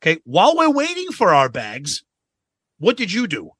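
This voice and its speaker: A man co-hosting a casual podcast and telling a story full of swearing. His pitch swings widely and his voice sounds bright. The sound is close and dry. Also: normal speed, husky, no room sound. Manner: animated, profane storytelling. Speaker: podcast co-host.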